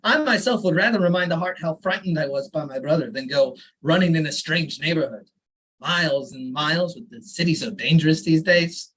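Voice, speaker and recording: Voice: mid-range voice, fairly quick, fairly bright tone, husky, poor audio. A performer voicing an elderly immigrant father who lectures earnestly, reading a story aloud at an open mic. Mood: insistent. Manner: fussy, insistent advice-giving.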